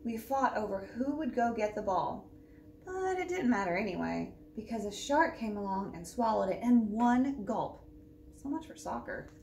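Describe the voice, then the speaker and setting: A woman librarian reading a picture book aloud for a children's storytime, with lively, expressive narration. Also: a little high, normal speed, vocal fry. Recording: roomy echo, distant mic, faint background hum.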